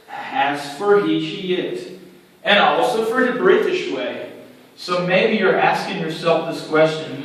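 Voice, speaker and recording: A male teacher walks through a whiteboard grammar lesson, repeating each example slowly. His voice sits high, and it reaches the distant mic with heavy room echo. A faint hum of noise runs underneath. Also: fairly bright tone. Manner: slow, repetitive, explaining step by step. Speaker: English teacher. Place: room with a writing board.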